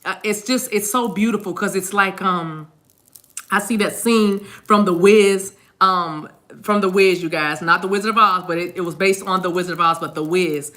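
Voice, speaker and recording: A woman's voice: lowish voice, moderate pace, a bit bright. A woman giving a casual, rambling tarot card reading, often repeating words and addressing viewers directly. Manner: chatty, rambling, repeats words, sings snatches of songs.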